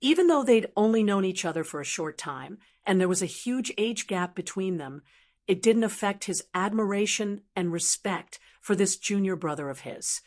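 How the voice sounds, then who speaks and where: A woman reads scripted narration from a fantasy audiobook at a normal speed, her mid-range voice steady and even.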